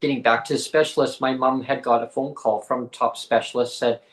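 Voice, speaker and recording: A man, a podcast guest, telling a story in an animated way and acting out the voices in it. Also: medium pitch, a little fast, low-quality recording. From Canada. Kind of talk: casual storytelling.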